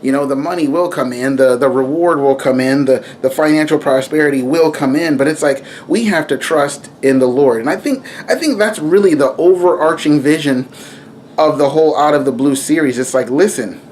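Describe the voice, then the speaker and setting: Animated rambling man preaching casually. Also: fairly high pitch, normal speed, slight background noise. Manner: rambling and animated, with frequent asides and self-corrections. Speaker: video preacher. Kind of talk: casual spiritual talk to camera.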